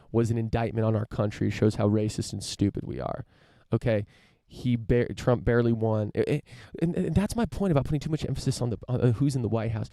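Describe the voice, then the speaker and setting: A man hosts his podcast in a loose, rambling monologue, stumbling through fillers and restarts and swearing casually. His voice sits low, with a gravelly edge and a dark, mellow tone. The sound is dry and close, with no room around it. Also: no room sound. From United States. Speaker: podcast host.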